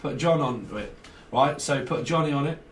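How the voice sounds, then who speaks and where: Briskly and in a highish voice, a tarot reader jokes and rambles through a casual reading with chuckles between thoughts. He's recorded from far away, leaving roomy echo and a little noise.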